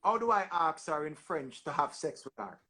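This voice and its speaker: A young Jamaican man with a high, bright voice hosts a loose livestream chat. He talks in animated patois and repeats his words as he goes. His tone is lively and casual throughout. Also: normal speed, husky. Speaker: livestream host.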